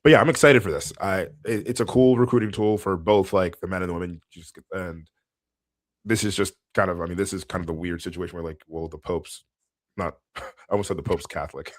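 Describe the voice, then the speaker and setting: A man's voice: sits low, steady tone, brisk. A man co-hosting a sports podcast in casual chat, rambling with many fillers and frequent laughs. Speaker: podcast co-host.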